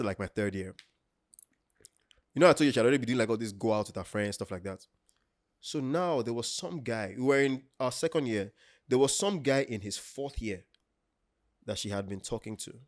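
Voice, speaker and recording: A man in his thirties with a Nigerian accent, a podcast co-host telling stories in a lively, laughing way. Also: mid-range voice, dry recording, studio quality. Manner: animated, laughs often, acts out quotes. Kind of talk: casual storytelling chat.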